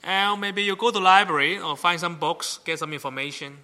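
Briskly and with a sharp tone, a middle-aged man preaches as pastor in a voice that sits high. He's conversational, often turning to the congregation with "right?"

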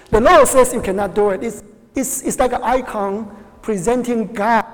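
A woman whose first language is Chinese, teaching a Bible class by quizzing her students, with frequent restarts and short laughs. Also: a little high. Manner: questions the class often, halting restarts, laughs. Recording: reverberant hall.

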